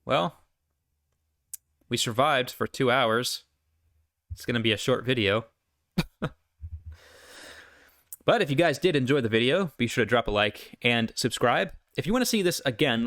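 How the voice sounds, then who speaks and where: A man doing live gameplay commentary on a desk mic at home, excitable and cursing as he yells at enemies. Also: mid-range voice. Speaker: gaming YouTuber. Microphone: desk condenser mic.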